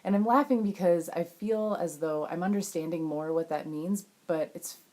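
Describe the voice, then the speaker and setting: Woman, low mellow voice, casual vlog, candid, rambling, restarts a lot. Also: moderate pace. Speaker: vlogger. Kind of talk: casual talk to camera.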